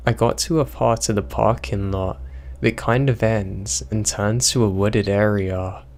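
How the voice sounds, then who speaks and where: A young man reading horror stories aloud, in a slow, even storytelling manner. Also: on the low side. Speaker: narrator.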